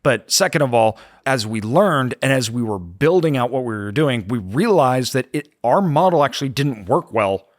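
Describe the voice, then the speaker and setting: A man hosts a podcast interview in an earnest, reflective voice, stressing points by saying them twice. His pitch sits in a middle register. The sound is dry and close, with no room around it. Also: expressive, moderate pace, few pauses, no room sound. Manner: earnest, reflective, repeats words for emphasis. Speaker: podcast host. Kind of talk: conversational interview.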